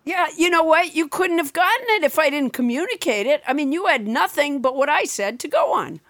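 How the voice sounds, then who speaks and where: High-voiced woman narrating her gestures. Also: animated, a little fast, fairly bright tone, no room sound, studio quality. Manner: narrates her own gestures in a patient, explaining way. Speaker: podcast co-host. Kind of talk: casual game chat.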